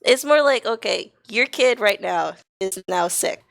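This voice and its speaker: Gravelly, sharp-tongued woman on voice chat. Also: medium pitch, lively intonation, unhurried. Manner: sharp-tongued, mocking, exasperated. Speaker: voice chat participant. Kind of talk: heated casual argument.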